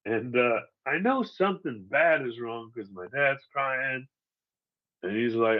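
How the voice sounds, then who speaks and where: A man in his forties recounts a hard personal story in a casual, profane way, often laughing through the worst moments. He talks slowly at a middle pitch. The recording sounds a little dull and lo-fi. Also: expressive. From Seattle, United States. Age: 40s. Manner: candid, profane, laughs while telling hard events. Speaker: guest telling his survival story.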